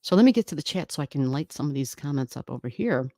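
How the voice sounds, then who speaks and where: Reading viewer comments during a casual astrology livestream, a woman greets her audience, rambles, laughs often, and swears lightly. She talks fast in a low-pitched, mellow voice with lively intonation. The sound is clean studio audio with no room sound.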